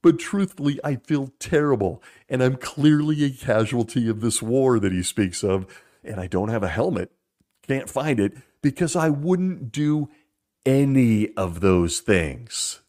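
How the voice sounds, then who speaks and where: A man's voice: medium pitch, lively intonation, measured pace, mellow. A man hosting a podcast, giving critical commentary in a sarcastic, mocking way. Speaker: podcast host.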